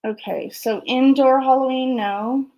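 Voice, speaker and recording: A woman's voice: sits high, fairly even intonation, unhurried, warm tone, lo-fi sound. A woman co-hosting a casual live stream, chatty and apologizing to viewers while they wait. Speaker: co-host.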